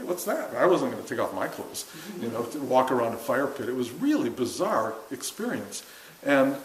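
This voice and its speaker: An older man telling a long personal story to a group, self-mocking, acting out what people said in a raised voice. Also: medium pitch. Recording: roomy room with faint hiss.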